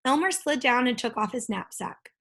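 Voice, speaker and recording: A woman reading a children's book aloud, with steady, expressive storytelling. Her voice is on the high side and noticeably breathy. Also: normal speed. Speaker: storybook reader.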